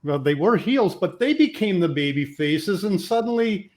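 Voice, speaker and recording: A man's voice: sits high, lively intonation, moderate pace, a little mellow. A man hosting an interview podcast, reacting to his guest and asking questions. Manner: attentive listener, reacts with laughs. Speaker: podcast host.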